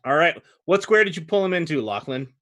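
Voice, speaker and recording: A man running a tabletop game as game master, narrating with animated, chuckling energy and frequent hesitations. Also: a little high, brisk, no room sound.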